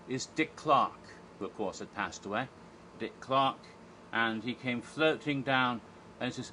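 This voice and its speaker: Taking it slowly in a sharp, medium-pitched voice, a man recounts a live show from memory as a theme park event historian, rambling enthusiastically with frequent fillers and restarts. Slight background noise is present.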